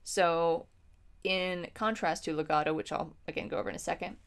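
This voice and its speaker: A woman's voice: fairly low pitch, steady tone, moderate pace, creaky. A woman music teacher explaining patiently in an instructional lesson, with frequent ums.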